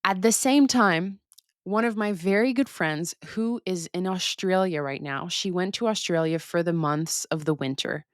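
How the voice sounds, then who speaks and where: A young woman hosting a podcast, telling a story in a casual, animated way, swearing freely and acting out her own reactions. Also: on the low side, normal speed, dry recording, studio quality. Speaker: podcast host.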